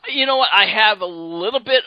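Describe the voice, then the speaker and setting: A man's voice: high-pitched, fairly quick, no room sound, highs cut off. A man co-hosting a casual wrestling review chat, earnest and stammering through his opinions. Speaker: co-host.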